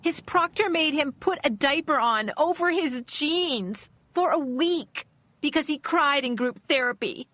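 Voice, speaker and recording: A woman's voice: animated, a little slow, dry recording. A woman voicing an upset teenage girl with a Valley Girl lilt, talking hesitantly through tears. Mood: tearful. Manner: tearful, hesitant, high and bright.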